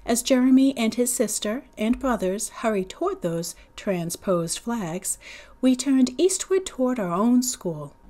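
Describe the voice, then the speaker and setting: A woman's voice: expressive, unhurried. Woman reading a novel aloud. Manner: acts out the children's lines in higher, louder voices. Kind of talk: read-aloud storytelling.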